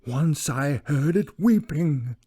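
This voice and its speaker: Storybook role: man doing an elderly butler, high-pitched, slow, hushed and afraid. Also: animated, breathy edge, exaggerated voice. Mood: grieving. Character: elderly male butler, frightened and grave.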